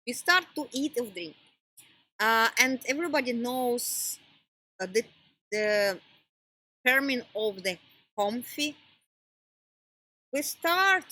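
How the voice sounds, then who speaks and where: A woman gives a wellness lesson at an unhurried pace, with a bright, breathy tone. She speaks non-native English phrasing and often stops mid-sentence to search for a word. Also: on the high side, rough recording. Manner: halting, pauses to search for words. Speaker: wellness teacher. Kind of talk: informal teaching talk.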